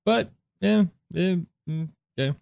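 A man's voice: sits high, unhurried, vocal fry, darkish tone, no room sound. A man co-hosting a radio show, joking and rambling with frequent laughs. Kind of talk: casual morning radio chat.

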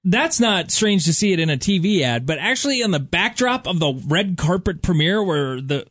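Young guy on morning radio, kinda high voice, dry studio sound, easygoing banter. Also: sing-song, moderate pace, a bit bright, no echo. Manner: chatty, wry, easygoing. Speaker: radio morning show co-host.

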